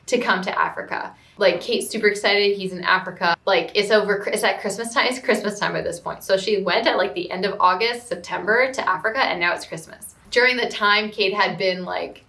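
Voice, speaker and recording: A woman talks through a movie's plot in a loose, rambling way, peppering everything with "like". She is mid-pitched and now and then jumps into excited squeals. She is recorded at home in a room with a noticeable echo. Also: a little fast, creaky, hardly any pauses. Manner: rambling, heavy use of "like", sudden excited squeals. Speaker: movie reviewer. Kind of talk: casual chatty film recap.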